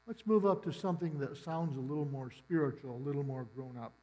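Middle-aged pastor guy, kinda high voice, telling stories in his sermon, little bit of hum. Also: a little fast, darkish tone, low-quality recording. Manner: storytelling, conversational with dry humor. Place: church sanctuary.

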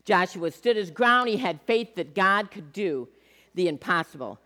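A woman preaches a lively sermon, leaning hard into the words and then dropping almost to a murmur. She acts out the voices of people she quotes. Her voice carries a long reverb, as if filling a big hall. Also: lowish voice, unhurried.

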